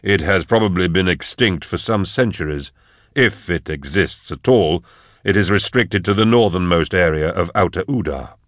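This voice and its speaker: A man voicing a cold, weary male investigator in an audiobook, speaking in curt, flat phrases. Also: low-pitched, moderate pace, no echo, clean studio sound. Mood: dry. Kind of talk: audiobook narration.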